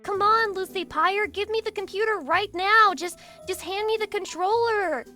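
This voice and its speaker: A woman's voice: very high voice, normal speed, pushed and bright, soft background music, pitched above the performer's own voice. A woman voicing a pushy, condescending backseat gamer who impatiently demands the controller. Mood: bossy.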